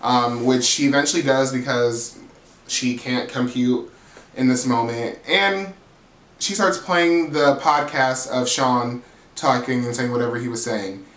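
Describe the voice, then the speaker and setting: A man recaps a reality show with sass and gusto, slipping into quick impressions of the people he talks about. His voice sits in the middle of the range. The room around him rings with a noticeable echo. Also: mid-range voice. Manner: animated, sassy, gossipy storytelling with acted-out quotes. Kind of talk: casual recap commentary.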